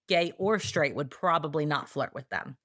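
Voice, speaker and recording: A woman co-hosting a podcast, telling history in a casual, sarcastic, animated way. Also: low voice, moderate pace, dry recording, clean studio sound. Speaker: podcast co-host.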